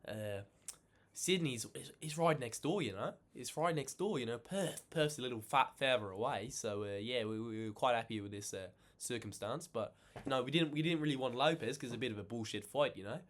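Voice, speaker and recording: A man's voice: mid-range voice, brisk, a bit bright, voice pushed down, lightly acted. A man putting on a laid-back, mumbling voice for a man who shrugs off a poor matchup, full of fillers. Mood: dismissive. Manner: mumbling, filler-heavy, offhand.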